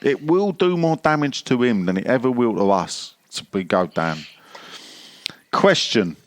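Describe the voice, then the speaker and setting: A man's voice: medium pitch, expressive, unhurried, no room sound. A man co-hosting a football podcast, reading out listener questions with blunt, sweary, mocking remarks. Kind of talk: casual football podcast banter.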